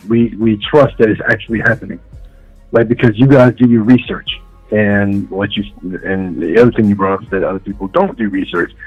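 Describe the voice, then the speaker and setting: Man, caller, hoarse, earnest, low voice, dull lo-fi phone line. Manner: earnest, repeats "you see what I'm saying". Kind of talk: call-in talk radio.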